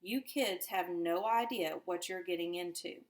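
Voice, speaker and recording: A woman's voice: on the low side, measured pace, close to an everyday voice. A woman voicing a gangly male security guard who barks threats at children in a storybook reading. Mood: menacing. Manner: barking, threatening.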